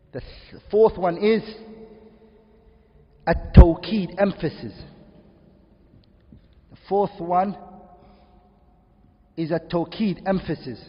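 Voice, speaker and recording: A man teaching a class, asking his listeners questions and repeating key terms. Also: sits high. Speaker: lecturer. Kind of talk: classroom lecture. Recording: dull lo-fi recording in a reverberant hall.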